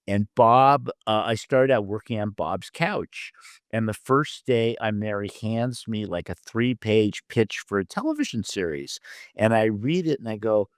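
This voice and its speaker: A man's voice: lowish voice, a little slow, dry recording, studio quality. An older man, a literary agent and producer, telling career anecdotes as an interview guest, acting out the dialogue of the people in his stories. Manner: lively storyteller who acts out quoted dialogue; loose, with fillers and restarts mid-thought.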